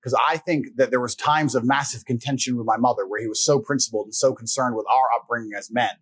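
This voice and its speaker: A man raised in England, a guest in an interview, telling personal stories in a blunt, profane, animated way. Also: mid-range voice, quick pace, breathy edge. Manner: animated, blunt and profane, acts out quoted voices. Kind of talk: fast personal storytelling in conversation. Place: interview set.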